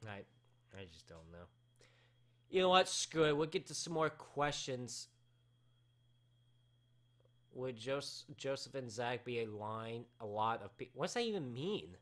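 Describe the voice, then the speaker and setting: A man hosting a casual live talk show, excitable and rambling, with his voice cracking and breaking into sudden shouts. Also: medium pitch, a little slow.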